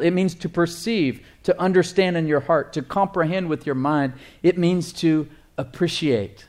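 A male pastor preaching a sermon, emphatic, repeating phrases and reading scripture slowly. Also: on the high side, darkish tone.

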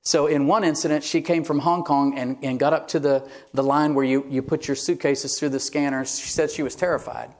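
A man's voice: fairly high pitch, fairly even intonation, fairly quick, few pauses. A male pastor delivering a sermon, telling a story in a conversational way and reading quoted passages aloud.

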